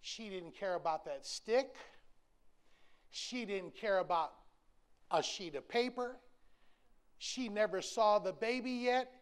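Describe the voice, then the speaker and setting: A man's voice: sits high, slow, pauses often, clear, resonant tone. Emphatic folksy preacher man in his sixties. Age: 60s. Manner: emphatic, folksy and repetitive, with humor. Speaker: pastor. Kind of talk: sermon.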